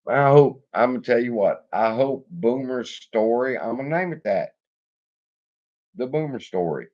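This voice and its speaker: A man's voice: mid-range voice, lively intonation, a little slow, a little mellow, highs cut off. A man hosting an investing channel, telling rambling, profane stories with frequent laughs in a casual chat. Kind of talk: casual storytelling livestream.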